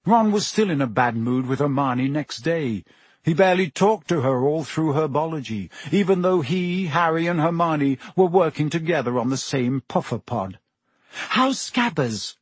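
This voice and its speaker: A man with a slightly high, husky voice narrates a children's novel as an audiobook, telling the story steadily at a moderate pace and doing character voices. The scripted reading is recorded dry.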